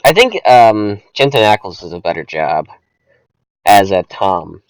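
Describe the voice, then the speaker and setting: A man's voice: fairly low pitch, sing-song, a little slow, dry recording, rough recording. A young man co-hosting a casual movie review chat, rambling with many fillers and restarts. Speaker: podcast co-host.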